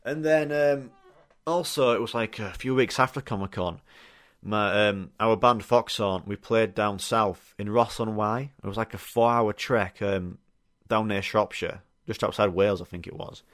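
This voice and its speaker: A man's voice: fairly low pitch, normal speed, a bit bright, dry recording, studio quality. A man with a Yorkshire accent hosting a podcast, telling rambling stories in a casual, chatty way with lots of fillers and the odd swear word. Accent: Yorkshire English. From Yorkshire, England. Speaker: podcast host. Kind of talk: casual storytelling chat.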